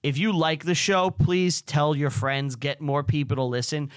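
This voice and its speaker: A man's voice: fairly high pitch, steady tone, moderate pace, clean tone, dry recording, clean studio sound. Sleepy man hosting a casual podcast. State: sleepy, yawning. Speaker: podcast co-host.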